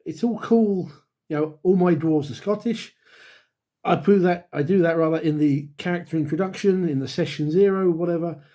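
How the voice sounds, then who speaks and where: A man's voice: a little high, dark tone. A middle-aged man from the UK, hosting his own channel and talking straight to camera with candid, wry opinions and the odd sigh. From United Kingdom. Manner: wry, candid, with sighs and dry asides. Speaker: YouTube host and dungeon master. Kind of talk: opinionated solo talk to camera.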